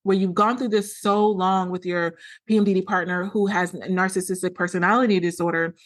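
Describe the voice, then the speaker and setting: A woman's voice: fairly low pitch, fairly even intonation, brisk. A woman hosting a solo podcast, explaining earnestly and often acting out quoted dialogue. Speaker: podcast host.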